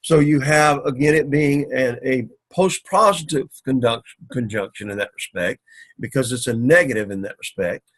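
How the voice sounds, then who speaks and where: A man teaching an introductory Greek class, explaining grammar methodically and reading Greek phrases slowly. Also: medium pitch, fairly bright tone, breathy edge. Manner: methodical, repeats "again" often, reads Greek slowly. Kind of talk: recorded classroom lecture. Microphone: camera recording of a lecture.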